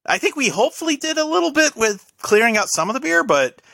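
A young man with a bright, forceful voice spins a rambling story for his brother, tagging line after line with "right?" The sound is close and dry, with no room around it. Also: very high voice, very animated, fast talker, vocal fry, no room sound. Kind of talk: casual storytelling.

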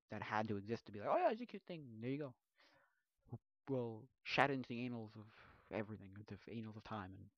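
Man ranting with a lively, swinging voice. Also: medium pitch, no room sound, dull audio. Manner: mumbles while reading, then rants loudly with mocking put-on voices. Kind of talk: casual commentary, reading aloud and ranting.

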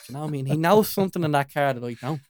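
Smooth-voiced man rambling. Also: a little high, expressive, rapid-fire, a little mellow, no echo, studio quality. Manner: rambling, peppered with "you know what I mean". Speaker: podcast co-host. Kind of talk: casual chat.

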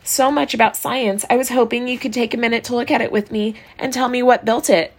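A bold, clever schoolgirl, put on by a woman reading a storybook aloud, eager and quick to take charge. She talks in a brighter, higher voice than the narration, gushing and excitable as she lays out her schemes. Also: slight background noise. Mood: gushing, loud.

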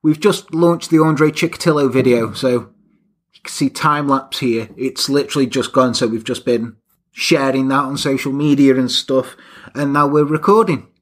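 A man's voice: mid-range voice, steady tone, normal speed. A man hosting a podcast, chatting casually and teasing his co-host while telling a story. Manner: jokey, teasing, playful banter. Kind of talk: casual comedic chat and storytelling.

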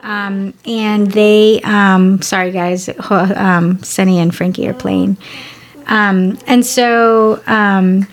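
A woman's voice: medium pitch, steady tone, takes it slowly. A woman from San Antonio, Texas, co-hosting a podcast in casual chat, rambling with lots of fillers and cheerful swearing. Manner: chatty, profane, many fillers and restarts. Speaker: podcast co-host.

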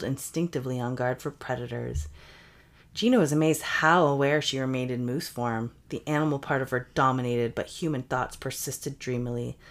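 A woman podcast co-host reading a spooky romance story aloud, with playful asides. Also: very deep voice. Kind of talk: comedic story reading with banter.

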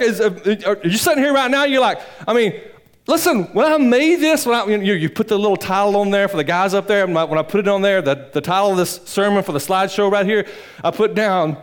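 A male pastor preaching a sermon in church, swinging between loud emphatic peaks and low quiet asides, with a rambling, folksy delivery. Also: brisk, smooth. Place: church sanctuary.

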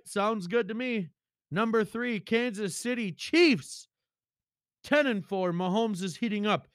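A man's voice: sits high, measured pace, fairly bright tone, no room sound. Casual male sports podcast host, loose and profane, dry close sound.

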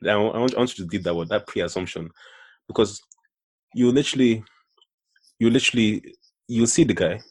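A man's voice: fairly low pitch, fairly quick, pauses often. A young man on a casual podcast who rants and restarts his sentences often. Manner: stammering restarts, ranting. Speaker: podcast co-host. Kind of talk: casual chat.

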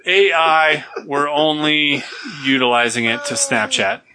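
A man's voice: fairly high pitch, lively intonation, unhurried, noisy background. A man in casual podcast chat who mostly drops short, dry, joking remarks.

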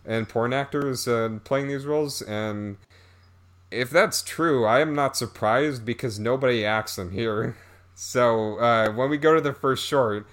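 A man's voice: medium pitch, unhurried, a bit bright. A man reviewing a movie in a casual, rambling, sarcastic way, stopping to laugh at it.

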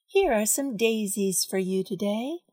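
A woman reading a story aloud, voicing a kind, gentle mother of a little girl in a soft coaxing way. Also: medium pitch, expressive, unhurried, dry recording, studio quality.

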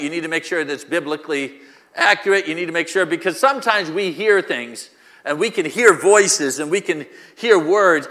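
Male pastor preaching with repetitive rhetorical questions; high, bright voice in a reverberant church hall. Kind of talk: sermon.

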